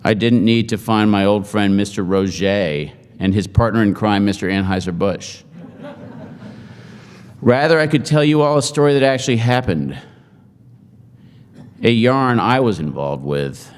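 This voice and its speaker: A middle-aged man giving a humorous after-dinner speech, joking in a deadpan, self-mocking way to an audience in a large hall. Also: fairly low pitch, moderate pace, smooth. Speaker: speaker at a forum. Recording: hall reverb.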